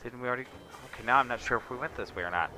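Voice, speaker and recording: A man's voice: mid-range voice, very fast, bright, forceful tone. A man streaming a farming game, muttering wry casual commentary to himself as he plays. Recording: noisy background.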